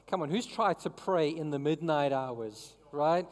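A male pastor preaches in a loose, conversational way, often turning questions back to the congregation. His voice sits high for a man. It carries a long reverb, as if in a big hall. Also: lively intonation, normal speed. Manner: conversational, asks the crowd questions. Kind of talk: sermon.

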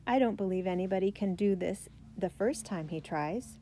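A woman voicing a tired, gruff but kind father in a storybook reading, weary and matter-of-fact. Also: medium pitch, normal speed, mellow, a little hiss or hum, natural voice.

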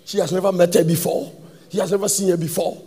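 A man preaching an animated sermon, dropping into Twi phrases and breaking into shouts. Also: high voice, fast talker, breathy edge, big-room sound. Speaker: pastor.

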